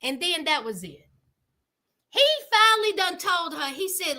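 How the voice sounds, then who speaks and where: A woman hosting a casual reality TV recap, animated and exclaiming, talking straight to her viewers. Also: extremely high pitch, unhurried.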